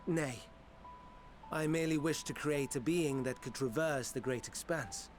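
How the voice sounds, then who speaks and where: An actor playing a scholarly male sage in a fantasy game, explaining in formal, archaic, measured speech. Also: on the high side, faint music behind, natural voice. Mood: calm lecturing. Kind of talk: game cutscene voice acting.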